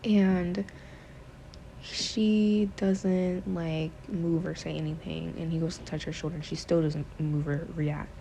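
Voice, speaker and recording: A woman's voice: sits low, little pitch movement, takes it slowly, vocal fry, dark tone, slight background noise. A woman podcast host casually retelling a book's plot, rambling with lots of fillers and swearing. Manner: rambling, profane, many fillers. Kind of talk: casual storytelling, retelling a book.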